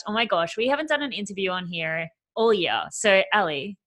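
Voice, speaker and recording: A woman's voice: medium pitch, lively intonation, a little fast, hardly any pauses, fairly bright tone, soft background music. A woman hosting a podcast interview, chatting in a bubbly, enthusiastic way. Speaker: podcast host. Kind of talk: casual interview chat.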